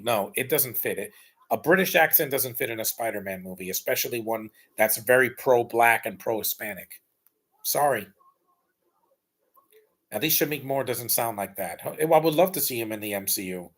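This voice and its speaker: A man's voice: medium pitch, animated, normal speed. Blunt, rambling man doing watch-along commentary. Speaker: live movie commentator.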